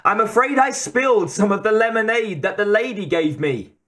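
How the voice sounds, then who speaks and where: A man's voice: high-pitched, big pitch swings, normal speed, fairly bright tone, voice pushed up. A man voicing a female cyborg posing as a cheery young girl with a Boston accent. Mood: falsely cheerful.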